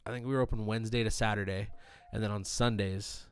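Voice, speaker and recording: A man's voice: lowish voice, fairly even intonation, quick pace, smooth. A young man co-hosting a podcast, rowdy and profane, saying dude constantly in casual banter. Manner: rowdy, swears a lot, says dude constantly. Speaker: podcast co-host.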